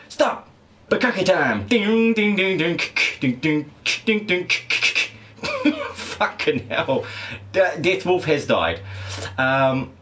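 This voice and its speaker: A man's voice: on the high side, fairly bright tone. A middle-aged man, streaming a game and rambling crudely while reading chat aloud. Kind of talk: casual live-stream chat.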